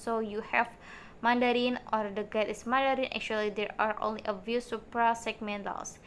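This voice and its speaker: A young woman student giving a recorded class presentation, halting, with many fillers and restarts. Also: fairly high pitch, a bit bright, a little hiss or hum.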